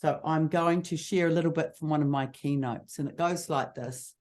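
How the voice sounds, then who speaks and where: A woman teaching public speaking, showing voice techniques with lively examples. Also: low voice, brisk. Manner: expressive, demonstrates voice techniques. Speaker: speaking coach. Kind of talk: teaching on a video call.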